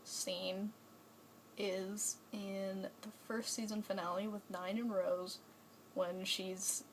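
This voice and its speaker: A woman's voice: medium pitch, fairly bright tone, slight background noise, low-quality recording. A young woman chatting casually in a fan vlog, rambling and enthusiastic, full of fillers and restarts. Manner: gushing, enthusiastic. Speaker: vlogger.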